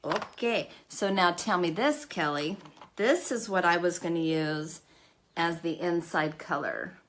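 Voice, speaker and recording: A woman's voice: lowish voice, animated, unhurried. Chatty woman hosting a makeup livestream. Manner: chatty, self-deprecating, talks to viewers by name. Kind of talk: casual live makeup tutorial.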